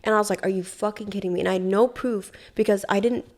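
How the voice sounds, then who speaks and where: Young woman with a gravelly edge. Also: medium pitch, fast talker. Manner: animated retelling, heavy swearing, acts out quotes. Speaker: podcast guest. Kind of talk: casual storytelling. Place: Hawaii.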